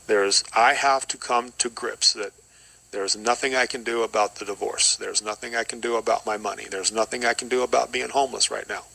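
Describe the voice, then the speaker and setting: A man's voice: fairly low pitch, steady tone, fairly quick, vocal fry, pushed and bright, rough recording. A middle-aged man giving an earnest, reflective personal testimony as a podcast guest, often repeating short phrases.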